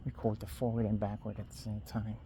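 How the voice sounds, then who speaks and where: This vlogger, a man with a fairly low, monotone yet warm voice, rambles casually while walking outdoors at night, holding his phone to record. His talk is loose and unhurried, with trailing restarts, and there's slight background noise.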